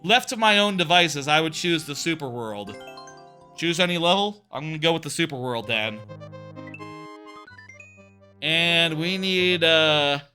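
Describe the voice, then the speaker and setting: A man's voice: on the high side, animated, a little slow, long pauses, bright, forceful tone, soft background music. A man streaming a video game live, chatting casually and answering his viewers' questions as he plays. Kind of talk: casual live-stream chat while gaming.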